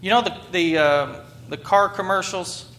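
Brief: pastor, man, thirties, sharp bright voice, talks with his congregation in a sermon. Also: high voice, unhurried. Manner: conversational, asks the congregation questions.

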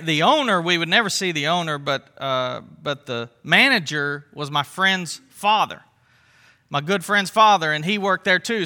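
Bright-voiced man preaching a sermon. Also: a little high, clear, resonant tone. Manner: storytelling, asks the congregation questions. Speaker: pastor.

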